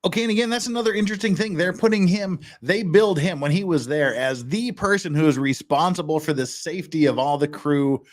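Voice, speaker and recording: A man casually commenting on a hearing video, chatty and full of quick asides. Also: fairly high pitch.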